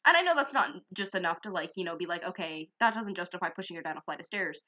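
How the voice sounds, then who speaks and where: Bright, lively teenage girl ranting. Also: lowish voice, fast, lo-fi sound. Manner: animated, indignant ranting. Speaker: podcast co-host. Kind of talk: casual storytelling.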